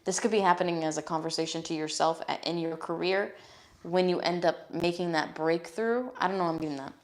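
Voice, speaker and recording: Casual low-voiced woman reading tarot. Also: brisk. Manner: casual and blunt, with frequent swearing; reads card messages aloud in a steady voice. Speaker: tarot reader. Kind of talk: live-streamed tarot reading, casual chat.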